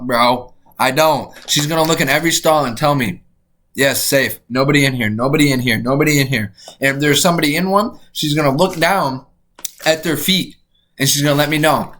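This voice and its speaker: A man's voice: fairly high pitch, fairly bright tone, slight background noise. A man streaming a reaction video, ranting bluntly in a casual, profane way. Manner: blunt, swearing, repeats "bro".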